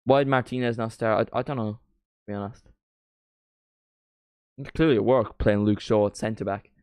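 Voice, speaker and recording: A man streaming a live football watchalong, chatting casually and breaking into quick play-by-play calls. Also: fairly low pitch, fairly even intonation, a little mellow, clear, resonant tone, no echo.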